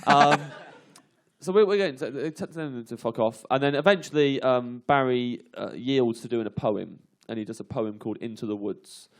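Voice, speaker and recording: A man's voice: mid-range voice, moderate pace. A male comedian telling a comic anecdote on a radio panel, laughing often and filling gaps with ums. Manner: laughs through the story, with lots of fillers. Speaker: comedian guest.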